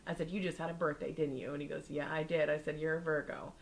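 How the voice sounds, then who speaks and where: A young woman's level, creaky voice moves at a quick pace over poor audio with slight background noise. She co-hosts a podcast, chatting casually as a storyteller who impersonates the people she quotes with dramatic pitch shifts.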